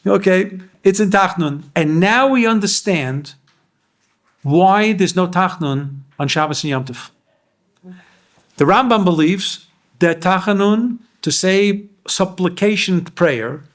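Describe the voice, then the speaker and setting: Man, rabbi, high-pitched voice, Torah class, explaining verses, questioning the room. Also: expressive, a little slow. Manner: explains Hebrew verses line by line, often asks the class questions. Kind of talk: Torah lecture.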